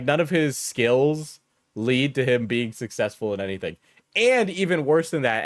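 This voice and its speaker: A man's voice: medium pitch, dry recording, studio quality. A man hosting casual online commentary, rambling and mocking with crude jokes, constantly saying "like" and "right?". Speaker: commentary channel host.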